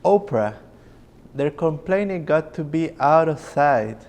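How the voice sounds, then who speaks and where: Moses, a tired leader worn down by his grumbling people, as a man plays him, tells his story at an unhurried, measured pace. His mid-range voice carries a long hall reverb from a concert stage. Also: a little high, animated, darkish tone. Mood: weary. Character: weary adult male Moses leading grumbling people. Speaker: narrator and Moses in a musical. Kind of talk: stage musical narration.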